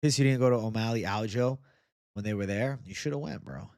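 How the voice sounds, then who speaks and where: A man's voice: fairly low pitch, fairly quick, darkish tone, clear, resonant tone, dry recording, clean studio sound. Swearing, chatty man from Boston. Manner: swears a lot, loose and chatty. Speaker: livestream host. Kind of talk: casual live chat.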